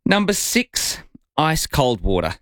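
A man's voice: a little high, wildly swooping pitch, slow pace, a bit bright, no echo. A man co-hosting a breakfast radio show, playful and teasing, given to mock indignation. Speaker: radio co-host. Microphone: studio microphone.

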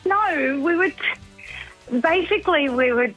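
A woman's voice: high-pitched, expressive, slow pace, a bit bright, soft background music, low-quality recording. An Australian woman, a mother called live on a radio show, flustered and laughing it off. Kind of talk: phone call to a radio show.

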